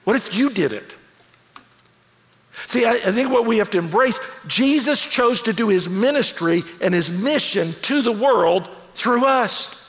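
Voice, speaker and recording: High-voiced man preaching in a reverberant hall. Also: moderate pace, hardly any pauses. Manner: animated preaching, acts out quoted lines. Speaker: pastor. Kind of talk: sermon.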